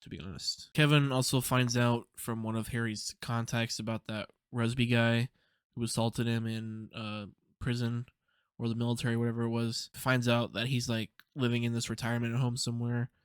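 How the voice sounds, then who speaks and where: A young man gives a loose, rambling recap of a TV episode, peppering it with fillers and swearing. His voice is smooth and clear. The recording is close and dry. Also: mid-range voice, flat delivery, moderate pace, no room sound. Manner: casual, rambling, swears freely, lots of "like". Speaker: TV episode reviewer. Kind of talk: casual spoiler recap.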